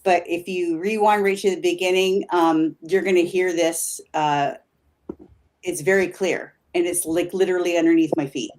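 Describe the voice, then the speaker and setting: A woman's voice: lowish voice, steady tone, moderate pace, a little mellow, slight background noise. A woman guest, a paranormal investigator, talking in a rambling, eager way and often laughing as she explains her evidence. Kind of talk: casual chat on a live stream.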